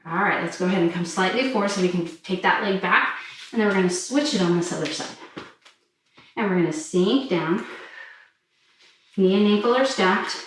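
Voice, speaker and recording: A woman's voice: medium pitch, moderate pace, pauses often. Echoey, far-off female fitness instructor. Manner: calm, encouraging cues while demonstrating stretches. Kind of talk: guided cool-down stretching instruction. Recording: very echoey room, mic far off.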